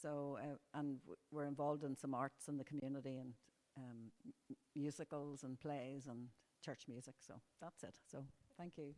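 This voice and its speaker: A middle-aged woman, a singer in her family band, introducing herself in a hesitant, halting way. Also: extremely low pitch, steady tone, darkish tone.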